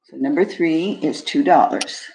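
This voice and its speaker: A woman hosting a live jewelry sale stream, describing pieces in a chatty, unhurried way and talking to viewers. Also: low-pitched, dark tone, slight background noise. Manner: chatty, describes items slowly, friendly asides to viewers. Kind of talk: casual live-stream selling.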